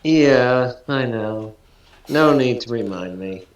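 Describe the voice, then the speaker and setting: A man's voice: medium pitch, animated, takes it slowly, roomy sound, lo-fi sound. A man chatting casually, dropping dry, wry remarks. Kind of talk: casual chat.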